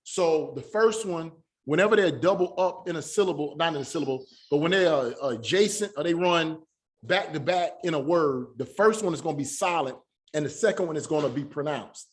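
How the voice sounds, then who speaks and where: A man teaching a Hebrew class, speaking patiently and repeating words slowly for his students. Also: fairly high pitch. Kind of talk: classroom lesson.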